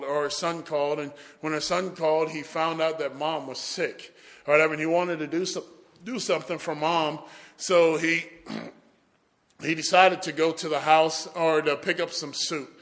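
A man telling a story in a sermon, acting out the voices of the people in it. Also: fairly high pitch. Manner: animated storyteller, acts out quotes. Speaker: preacher. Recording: echoey hall.

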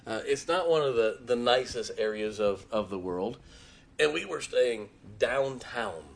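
A middle-aged man from Ohio preaching a storytelling sermon, switching between loud emphatic points and quiet, chatty anecdotes full of fillers. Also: mid-range voice, animated, measured pace, creaky. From Canton, Ohio. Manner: folksy, frequent fillers and restarts, chuckles.

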